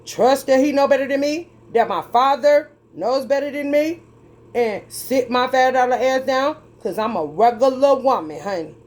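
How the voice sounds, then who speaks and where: A woman giving a tarot reading in a heated, preachy and profane monologue, drawling and emphatic as she talks straight at her viewers. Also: high voice. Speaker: tarot reader.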